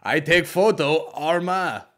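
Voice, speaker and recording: A man putting on a stern Eastern European man's voice, talking loud and slow in broken English. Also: on the high side, pitched above the performer's own voice. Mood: stubborn. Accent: put-on Eastern European.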